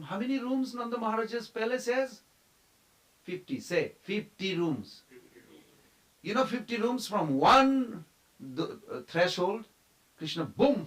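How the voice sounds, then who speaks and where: A man giving a devotional storytelling class at a temple, animated, quizzing his listeners and briefly acting out the figures in the story. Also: high-pitched, low-quality recording. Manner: animated, quizzes the audience, acts out quoted figures.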